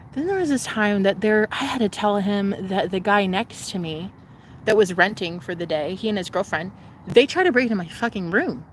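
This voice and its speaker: A young woman vlogger telling a personal story in an animated, profane, casual way, jumping between voices. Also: medium pitch, slight background noise.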